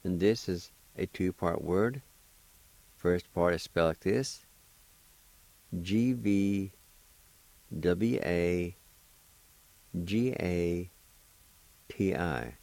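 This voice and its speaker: Slow, deep-voiced patient male radio teacher. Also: lively intonation, creaky, dry recording, rough recording. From Oklahoma, United States. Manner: patient, encouraging, gently joking. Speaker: radio host teaching language. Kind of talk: slow spelling and pronunciation lesson.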